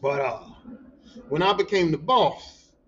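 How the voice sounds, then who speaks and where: A man hosting his own podcast with a high-pitched voice. He tells long, profane work stories in a casual monologue, slipping into other people's voices as he goes. The sound is dull and lo-fi. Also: slow. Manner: profane, animated, acts out quotes. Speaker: podcast host.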